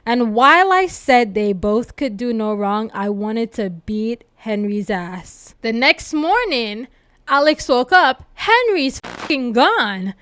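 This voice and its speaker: A young woman gushes through a book review, retelling the story with laughs and casual swearing. Her voice is crisp and a little high. The sound is dry and close. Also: big pitch swings, slow pace, fairly bright tone, dry recording.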